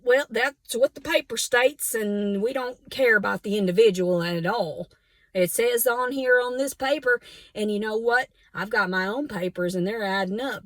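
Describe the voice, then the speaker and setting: A woman's voice: fairly high pitch, no room sound. A woman, angrily delivering a defiant, repetitive monologue to camera while hot and sweating.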